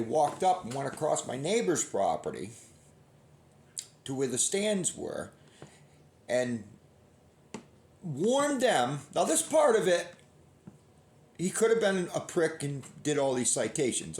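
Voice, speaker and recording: A man's voice: fairly high pitch, wildly swooping pitch, a little slow, long pauses, darkish tone. A middle-aged man hosting a hunting channel, telling a long story in a folksy, rambling way and often restarting his sentences. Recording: roomy echo.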